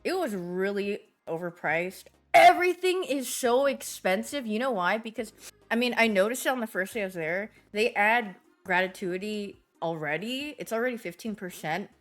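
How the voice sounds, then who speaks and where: A woman's voice: mid-range voice, lively intonation, moderate pace, soft background music. A young woman streamer chatting casually with her viewers, rambling through stories and laughing often. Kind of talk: casual livestream chat, answering viewers.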